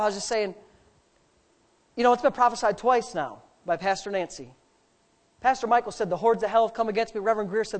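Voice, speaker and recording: Drawn-out emphatic phrases mark this man's preaching, which swings from soft, low asides up to high, shouted emphasis.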